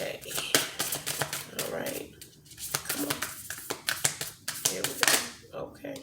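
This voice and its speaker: Low gravelly woman doing a tarot reading. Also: wildly swooping pitch, very slow, pauses often. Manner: rambling, candid, swears casually. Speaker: tarot reader. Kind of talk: casual tarot reading to camera. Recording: echoey room with faint noise.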